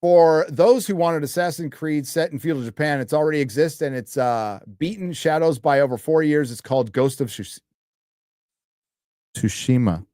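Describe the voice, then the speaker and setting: A man's voice: on the high side, moderate pace, warm tone, no room sound, clean studio sound. A man hosting a casual live stream, reading viewer donations and messages aloud with an offhand, crude manner and many fillers. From United States. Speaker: livestream host reading donations.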